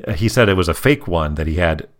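Guy with a really low voice chatting about a cartoon episode, swings up and down a lot, jokey. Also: quick pace. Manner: animated, playful storytelling with comic impressions. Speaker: podcast host. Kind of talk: casual episode recap chat.

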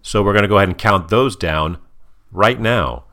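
A man co-hosting a casual family podcast as the dad, telling stories in an animated, playful way. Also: lowish voice, moderate pace. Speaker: podcast co-host and father.

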